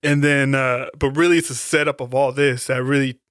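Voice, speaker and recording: A podcast co-host retells a horror movie scene in casual movie chat, laid-back and profane. His mid-range voice is fairly quick and fairly bright with fairly even intonation, recorded dry and at studio quality.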